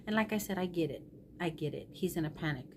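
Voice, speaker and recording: A woman's voice: fairly low pitch, fast talker, noisy background. A middle-aged woman vlogger telling a personal story in a candid, rambling, emotional way.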